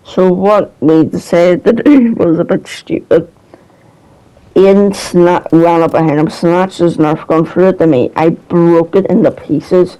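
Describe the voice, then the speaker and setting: Slow, rambling young-sounding man. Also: a little high, steady tone, mellow, poor audio. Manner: rambling, hesitant, swears casually. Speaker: storyteller. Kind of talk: casual storytelling.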